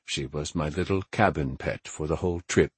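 A man's voice: very deep voice, moderate pace, breathy edge, no echo, full character voice. A man voicing a crude, menacing male smuggler who talks in a sneering, boastful, vulgar way, read as an audiobook character. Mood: leering.

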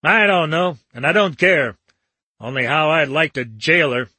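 A man's voice: on the high side, animated, unhurried, pushed and bright, no echo, full character voice. A man voicing an irritable, dyspeptic little older man who snaps out indignant questions.

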